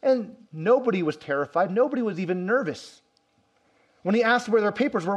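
A pastor preaching a sermon, telling a story and acting out quoted lines with rising and falling emphasis. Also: male voice, high-pitched, animated, fairly quick, slightly rough.

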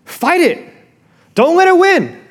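A man's voice: very high-pitched, huge pitch swings, slow, voice pushed up, heavily acted. A man voicing God as a patient father, pleading earnestly in a sermon.

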